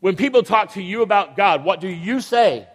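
A male pastor with a notably high voice delivers a sermon, firing rhetorical questions at his listeners and dropping into other voices for the people he quotes. His words ring out with the long reverb of a large church hall. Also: lively intonation, normal speed.

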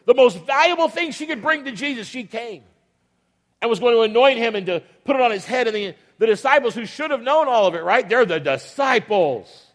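A male pastor preaching an emphatic sermon, with dramatic pauses and repetition, often acting out the voices of people in the story. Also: very high voice, expressive. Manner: acts out quoted voices of biblical figures. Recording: long hall reverb.

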